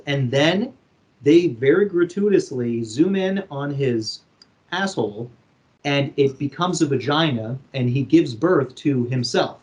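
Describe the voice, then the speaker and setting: A man co-hosting a podcast, casually retelling a film plot with lively acted-out quotes. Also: medium pitch, unhurried. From Canada. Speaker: podcast co-host. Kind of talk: casual chat.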